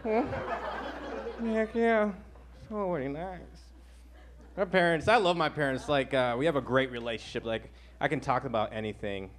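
A man's voice: on the high side, moderate pace, long pauses. A man in his twenties doing a stand-up set, talking casually and filling his lines with "like" and "you know.". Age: 20s. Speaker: stand-up comedian. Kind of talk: stand-up routine.

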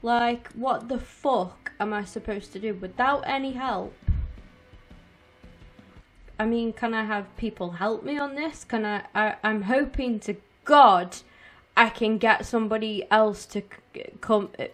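With faint music behind her, a woman in her twenties streams a let's-play, addressing viewers and cursing constantly in frustration. Her fairly high, fairly bright voice moves at a measured pace.

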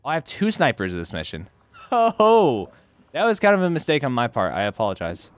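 A man's voice: medium pitch, huge pitch swings, fairly quick, no room sound. A man hosting a let's play with casual gameplay commentary, swearing and shifting into odd, playful inflections.

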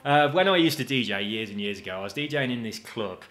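A man's voice: mid-range voice, animated, fast, a bit bright. A man giving chatty, jokey let's-play commentary, with casual swearing and asides to his viewers. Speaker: gaming video host.

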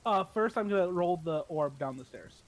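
A man's voice: high voice, lively intonation, moderate pace. A man playing a tabletop game, joking around playfully and laughing often. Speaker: player. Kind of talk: casual tabletop play.

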